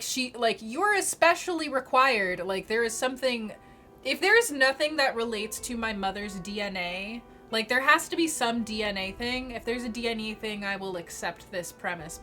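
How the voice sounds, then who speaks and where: Bright-voiced woman streamer, joking along. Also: medium pitch. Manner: chatty, joking, reacting aloud with laughs. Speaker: streamer playing a mystery game. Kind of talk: casual gaming commentary.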